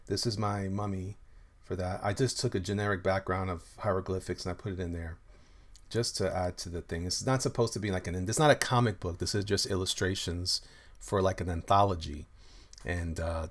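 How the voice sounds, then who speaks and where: Low-voiced man rambling on a live stream. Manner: rambling, many restarts and fillers, loose and friendly. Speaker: comic artist streaming live. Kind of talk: casual livestream chat reading viewer comments.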